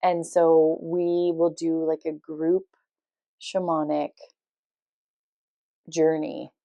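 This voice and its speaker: A woman hosting a podcast, telling a personal story in a casual monologue, animated and laughing often as she acts out what was said. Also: deep voice, extremely slow, dry recording, lo-fi sound. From Canada. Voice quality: loud laugh. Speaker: podcast host.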